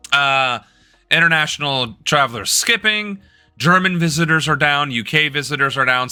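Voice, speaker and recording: A man's voice: fairly high pitch, sharp tone, no echo, clean studio sound. A young man from the United States hosting a political live stream, ranting in a profane, sarcastic way.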